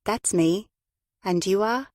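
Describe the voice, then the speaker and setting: A woman's voice: medium pitch, takes it slowly, a little mellow, no echo, clean studio sound, lightly acted. A woman doing an earnest witness with a slight Australian twang. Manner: hesitant, earnest.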